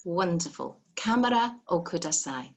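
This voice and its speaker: A woman's voice: on the low side, expressive, moderate pace. A woman teaching a live beginner language lesson over a video call, patient and encouraging, explaining step by step.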